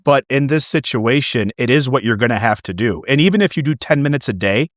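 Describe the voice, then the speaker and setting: Man coaching a loan officer, lively storyteller, stumbles over repeated words, dry close sound. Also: mid-range voice, a little fast, no room sound. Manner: animated storyteller, repeats words when fired up. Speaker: mortgage team coach. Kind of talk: coaching conversation.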